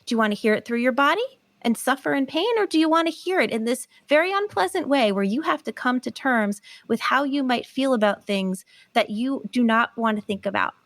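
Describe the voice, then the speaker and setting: A woman's voice: a little high, animated, brisk, hardly any pauses, no echo. Earnest woman explaining, dry close sound. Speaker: guest, pain recovery author. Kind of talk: podcast interview.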